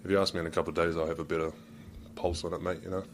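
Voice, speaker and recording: A man's voice: low-pitched, level tone, racing, a little hiss or hum. A man with a New Zealand accent answering reporters at a press conference, laid-back and casual, swearing and calling people mate. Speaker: basketball player.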